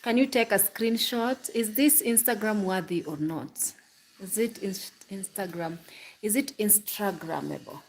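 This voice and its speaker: A woman from Kenya, chatting bluntly and casually to the camera as a vlogger, quick to laugh. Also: medium pitch.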